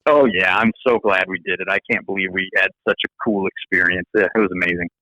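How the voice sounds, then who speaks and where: In a low-quality recording, an American-accented law professor with a low voice talks fast during an interview. He tells stories animatedly, often restarts his phrases, and voices other people in quotes.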